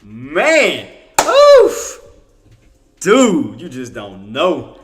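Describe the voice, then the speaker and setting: A man from Louisiana with a Cajun accent, giving casual, excitable livestream commentary on stock trading, with lots of Southern slang and self-corrections. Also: mid-range voice, slow pace, soft background music.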